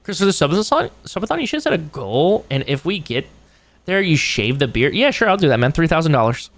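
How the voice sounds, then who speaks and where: Animated, profane young male streamer. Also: on the high side, brisk. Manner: rambling, profane, jokey, jumps into mocking voices. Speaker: streamer reacting to a video. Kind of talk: casual live-stream chat.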